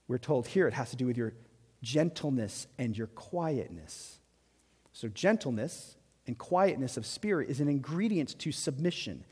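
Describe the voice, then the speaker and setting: Emphatic preacher in a reverberant hall. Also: male voice, on the high side, darkish tone. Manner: emphatic, repeats key phrases, drops to near-whisper at climaxes. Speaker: pastor. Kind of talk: sermon.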